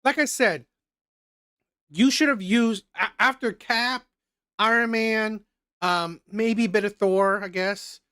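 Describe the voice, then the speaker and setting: A man's voice: high voice, slow pace, pauses often, sharp tone, clean tone, no echo. Male co-host, casual and rambling, hesitant delivery, dry recording. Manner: rambling, hesitant, restarts and asides. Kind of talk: casual opinion chat.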